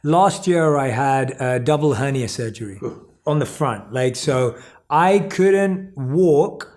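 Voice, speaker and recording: A man hosting a podcast, sharing a personal story in casual, reflective chat, thoughtful and halting with restarts. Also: medium pitch, expressive, darkish tone. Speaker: podcast host.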